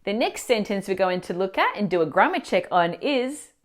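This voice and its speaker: A woman teacher explaining grammar mistakes in clear, instructive scripted narration, asking the viewer questions. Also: medium pitch, very animated, normal speed. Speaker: language teacher.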